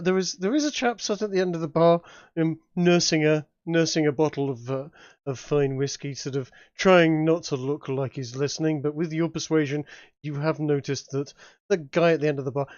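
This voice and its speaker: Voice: mid-range voice, a little mellow, no echo. A game master narrating a tabletop game, stammering and repeating words as the game master thinks aloud. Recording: dry, slightly muffled recording.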